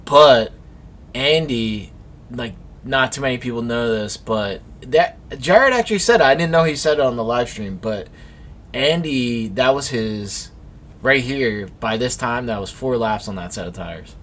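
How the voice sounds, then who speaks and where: A young man co-hosting a casual motorsport recap, slangy and excitable, swearing and telling stories with animated energy. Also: medium pitch, measured pace, slight background noise. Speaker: co-host. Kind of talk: casual recap commentary over race footage.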